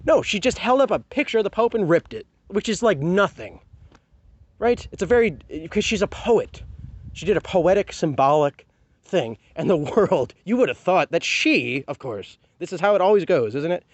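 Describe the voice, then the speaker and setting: A man's voice: sits high, very animated, moderate pace, no room sound. A man venting in a heated, profane rant to camera, sarcastic and full of rhetorical questions. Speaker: vlogger. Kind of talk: angry personal rant to camera.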